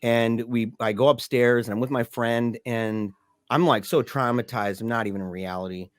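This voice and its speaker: A middle-aged man telling a personal story as a podcast guest, in a halting, conversational way with restarts and soft laughs. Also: medium pitch, fairly even intonation, no echo, studio quality.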